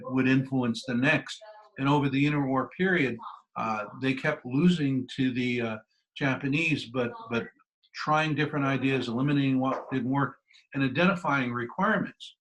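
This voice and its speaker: A man's voice: mid-range voice, a bit bright, poor audio. Man giving a casual slide lecture. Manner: conversational, many fillers and restarts. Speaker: guest lecturer.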